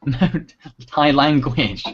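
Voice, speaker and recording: A man hosting a laid-back livestream Q&A, with a voice of middling pitch. He is chatty and laughs a lot, often trailing off mid-thought. The audio is dull and lo-fi. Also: slow, very noisy. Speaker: host and internet reviewer. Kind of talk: casual livestream Q&A chat.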